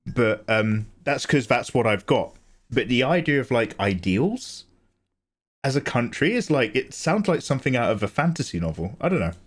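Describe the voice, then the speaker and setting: A man's voice: mid-range voice, sing-song, normal speed. An English man chatting casually on an art livestream, talking in a rambling, sweary, tangential way. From England.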